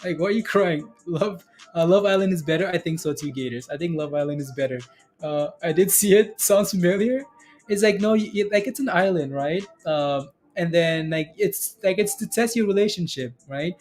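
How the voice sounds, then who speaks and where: Young male streamer, high voice, rambling casual chat with lots of laughs and fillers. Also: moderate pace, a little mellow, soft background music. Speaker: livestream stock trading host. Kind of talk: casual livestream chat reading viewer comments.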